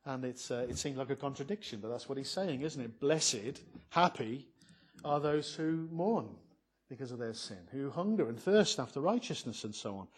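Husky-voiced man preaching a sermon. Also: mid-range voice, expressive, quick pace, few pauses. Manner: earnest, rising to fervent emphasis.

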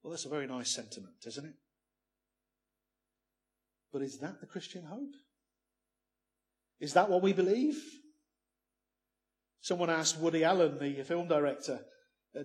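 Man, preacher, sermon, emphatic, rhetorical questions, slightly high voice. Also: a little slow, long pauses.

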